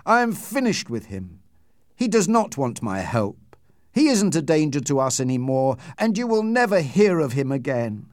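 A man's voice: medium pitch, sing-song, moderate pace, mellow, no room sound, studio quality. A man reading the part of an anxious, secretive middle-aged doctor in an audiobook, pleading and reassuring earnestly.

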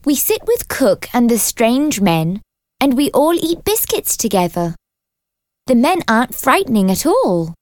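A woman reading a children's storybook aloud as narrator, clear and expressive. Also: fairly high pitch, a little slow, dry recording, clean studio sound.

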